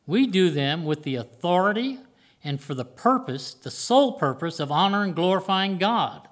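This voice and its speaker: Older male preacher, earnest, fairly high voice. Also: very animated, moderate pace. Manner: earnest, plain-spoken exhortation. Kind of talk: sermon. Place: church before a congregation.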